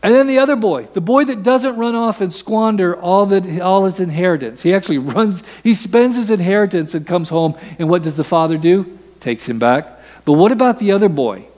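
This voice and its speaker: A pastor preaching a conversational sermon, slipping into quoted voices now and then. His voice sits a little higher than most men's. Long reverb from the church hall trails behind each phrase. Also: lively intonation, brisk, a little mellow. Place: church sanctuary.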